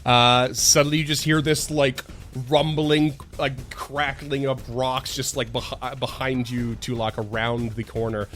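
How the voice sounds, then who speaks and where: A man's voice: medium pitch, flat delivery, unhurried, a bit bright, soft background music. A man running a tabletop game as game master, narrating loosely with many fillers. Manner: loose, filler-heavy narration with frequent laughs.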